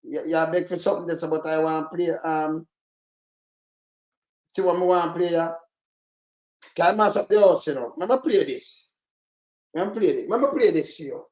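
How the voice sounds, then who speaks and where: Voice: medium pitch, moderate pace, long pauses, a little mellow, roomy sound, rough recording. A Jamaican speaker complaining indignantly to the camera, firing off questions.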